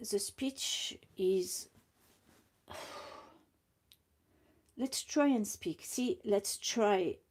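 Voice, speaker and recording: A woman talking casually and slowly about her own speech, with mucus in her throat and a blocked nose, stumbling over words and often dropping to a whisper. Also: mid-range voice, animated, a little mellow, slight background noise. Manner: slow and deliberate, often drops to a whisper. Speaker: vlogger. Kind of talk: casual personal monologue.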